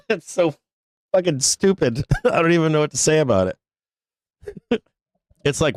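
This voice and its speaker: A man's voice: fairly high pitch, sing-song, measured pace, pauses often, dry recording, rough recording. A man hosting a live stock market show, ranting in exasperation with frequent laughter and cursing. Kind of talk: live-stream rant.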